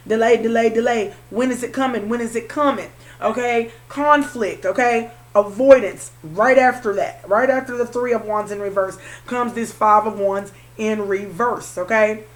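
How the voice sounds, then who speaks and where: A woman doing a tarot card reading for her viewers, calling the listener honey and repeating her phrases. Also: fairly high pitch. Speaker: tarot reader.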